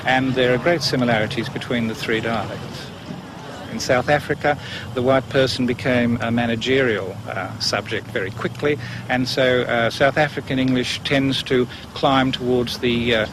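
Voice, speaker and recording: A man's voice: mid-range voice, fairly even intonation, moderate pace. A man, a language scholar, explaining thoughtfully with frequent fillers. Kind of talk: interview explanation. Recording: noisy background sound.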